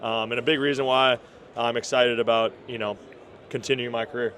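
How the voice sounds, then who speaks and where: A man's voice: medium pitch, little pitch movement, fairly quick, fairly bright tone. A man in his thirties from Minnesota, with a Minnesota accent, answering interview questions in an easygoing, modest way with lots of ums. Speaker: NFL wide receiver, guest.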